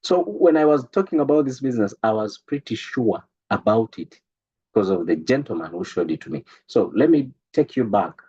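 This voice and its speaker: A man coaching a group on business, in an animated, preachy way that stumbles and repeats words, heard over an online call. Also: lowish voice, moderate pace, breathy edge, muffled recording. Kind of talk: motivational talk to a group.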